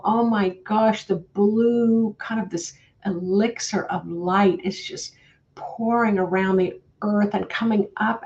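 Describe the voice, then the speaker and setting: A woman who leads a guided meditation and spiritual talk as host, gently guiding and chatty, with filler words. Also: medium pitch. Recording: dull lo-fi audio.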